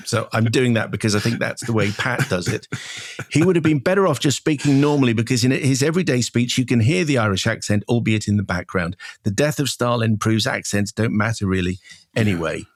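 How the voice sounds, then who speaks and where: A man co-hosting a film show, chatting casually and reading out listener emails with a quick laugh. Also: mid-range voice, dry recording, clean studio sound. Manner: brisk, laughs easily.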